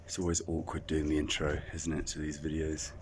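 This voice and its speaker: A man's voice: extremely low pitch, completely flat delivery, fairly quick, a little hiss or hum. A man casually vlogging about his travels, rambling with fillers and self-deprecating asides. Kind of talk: casual travel vlog talk to camera. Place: echoey outdoor site.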